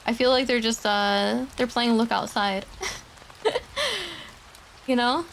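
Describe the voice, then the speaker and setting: A woman streamer with a fairly high voice and a lot of gravelly fry reads creepy stories aloud to her chat. She breaks off into casual, chatty asides. Faint rain patters in the background. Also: fairly even intonation, takes it slowly, a bit bright, a little hiss or hum, rough recording. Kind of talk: reading horror stories aloud to a live chat.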